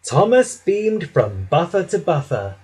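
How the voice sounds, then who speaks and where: A man narrates a children's storybook with lots of expression. His voice sits a little high and moves lively up and down, with a husky, breathy grain. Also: measured pace, rough recording.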